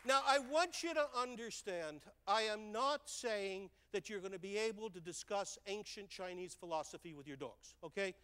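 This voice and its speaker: An older man giving a stage talk, telling lively stories and checking in with the audience with "right?" and "okay?". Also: high voice, normal speed, few pauses, clear, resonant tone, big-room sound, a faint crowd. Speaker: speaker. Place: large hall on stage.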